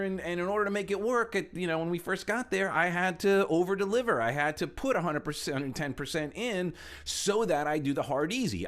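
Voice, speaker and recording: Animated middle-aged male coach. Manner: animated, shifts pitch a lot for emphasis, acts out quotes. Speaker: speaker and coach. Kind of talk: motivational talk.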